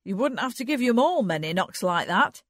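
A woman reading a slow, stubborn young farming man who talks in a broad rural dialect. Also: medium pitch, sing-song, fairly bright tone, no echo, clean studio sound. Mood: teasing.

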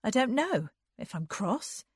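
A woman's voice: fairly high pitch, big pitch swings, a little slow, husky, no echo, clean studio sound, pitched above the performer's own voice, heavily acted. A woman voicing a proud young woman who speaks primly and coolly. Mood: cold. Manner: prim, coolly defiant. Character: proud, cool young woman, refined speech.

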